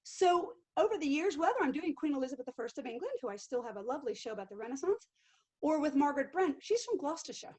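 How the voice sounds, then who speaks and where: Animated high-voiced woman actress. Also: quick pace. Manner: animated, acts out quotes and accents. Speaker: actress and living history performer. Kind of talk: virtual Q&A interview answers.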